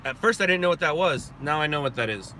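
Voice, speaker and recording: A man's voice: on the high side, lively intonation, quick pace, crowd noise. A man hosting a live stream, chatting and joking in a rambling way while driving at night. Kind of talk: casual chat while driving. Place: inside a car at night. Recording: road and car noise behind.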